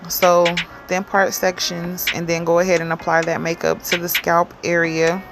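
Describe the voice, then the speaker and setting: A woman giving a casual hair tutorial, explaining each step in a chatty, relaxed way with plenty of fillers. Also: on the low side, moderate pace, music in the background. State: cold and yawning. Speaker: hair stylist demonstrating a wig.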